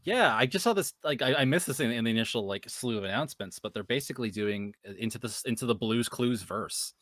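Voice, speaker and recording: A man in his thirties hosting a podcast, running through news in a relaxed, hesitant way. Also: medium pitch, quick pace, dry recording. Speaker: podcast host reading news. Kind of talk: casual chat.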